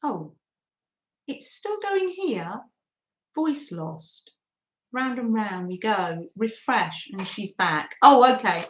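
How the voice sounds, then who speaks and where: A woman's voice: medium pitch, sing-song, takes it slowly, a bit bright, roomy sound. A woman hosting a craft livestream, chatting casually and giggling as she reads out viewer comments on her phone. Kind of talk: casual live chat with viewers.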